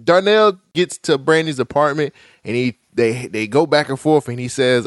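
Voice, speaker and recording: A man hosting a podcast, retelling film scenes in a lively, laughing casual chat. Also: mid-range voice, measured pace, smooth, no echo, clean studio sound. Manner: animated storytelling, laughing. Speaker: podcast host.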